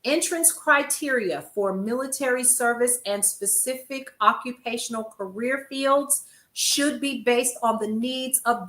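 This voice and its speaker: An older woman hosts a casual news stream from an echoey room. Her voice sits a little high, and she talks to her viewers in a chatty, laughing way. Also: fairly bright tone. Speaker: host. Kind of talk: casual livestream news commentary.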